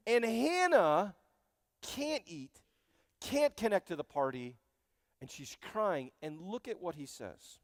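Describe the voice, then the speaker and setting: A man preaching a sermon as pastor, animated and joking, speaking straight to his congregation in a church. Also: high-pitched, slow pace, no echo, clean studio sound, big-room sound. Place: church sanctuary.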